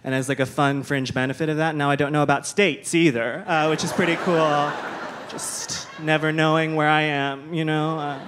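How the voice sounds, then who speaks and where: A man's voice: fairly high pitch, level tone, normal speed, background noise. Wry young male stand-up comic. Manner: wry, self-deprecating, hesitant fillers. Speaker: stand-up comedian. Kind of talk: stand-up set. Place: comedy club stage. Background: audience laughter.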